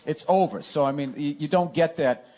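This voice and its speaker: A man's voice: fairly high pitch, normal speed. A man joking casually and mocking himself in front of an audience. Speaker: comedian. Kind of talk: joking talk. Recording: live recording with loud audience.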